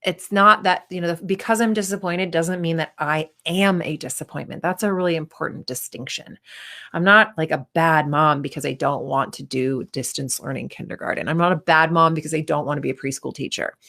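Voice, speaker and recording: A woman's voice: low-pitched, brisk, sharp tone. A woman in her thirties, a performance coach, giving a candid, casual talk and acting out the voices of people she quotes.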